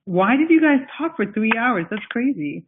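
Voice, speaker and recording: A woman's voice: on the high side, sing-song, moderate pace, noisy background. A woman hosting a team call as a coach, upbeat and encouraging in a chatty way. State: recovering from flu. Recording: tinny phone-line audio.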